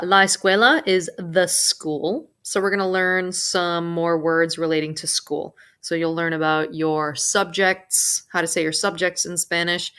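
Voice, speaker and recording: A woman teaching a recorded Spanish vocabulary lesson, pronouncing each word slowly and carefully with casual asides. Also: on the low side, sharp tone, clean tone.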